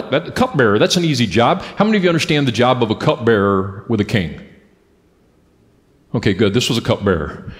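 Middle-aged pastor guy preaching to his church, chatty and animated, asks the room stuff, long echoey hall sound. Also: on the high side. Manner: lively and conversational, asks the crowd questions. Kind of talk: sermon. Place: church sanctuary with congregation.

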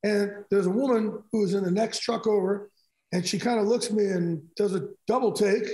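In a casual interview, a middle-aged man who is a sports broadcaster guest tells stories at a moderate pace in a voice that sits high. He animatedly re-enacts conversations in quotes. The sound carries echo from the room.

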